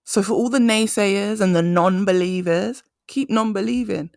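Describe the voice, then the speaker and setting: A woman's voice: mid-range voice, normal speed, gravelly, a little mellow, no room sound, studio quality. A young adult woman hosting a solo career-coaching podcast, telling stories with emphatic conversational energy.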